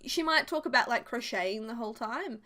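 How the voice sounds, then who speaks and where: With a fairly high, bright and forceful voice, a young Australian YouTuber in her twenties speaks animatedly and a little fast. In a casual voiceover chat, she tells chatty, rambling stories full of giggles.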